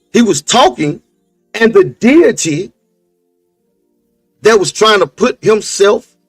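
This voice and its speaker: Emphatic high-voiced man preaching his point. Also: creaky, no echo. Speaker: podcast co-host. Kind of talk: casual religious discussion.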